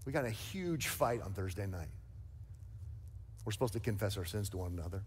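A man's voice: mid-range voice, a little fast, big-room sound. A male pastor preaching a sermon, emphatic and conversational, with light jokes and asides. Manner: emphatic preaching with rising, forceful stresses.

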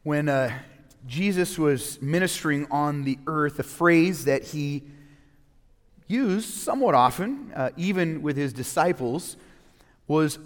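A man preaching in an unhurried, conversational way, lingering on each quoted line of scripture. His voice sits a little high for a man. It rings out with a long reverb, as in a large church hall. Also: expressive. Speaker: pastor. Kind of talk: sermon.

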